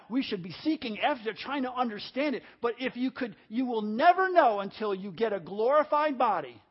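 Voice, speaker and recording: A man's voice: sits high, husky. A man preaching a sermon, emphatic and repetitive, calling on the congregation to answer back. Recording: dull lo-fi audio.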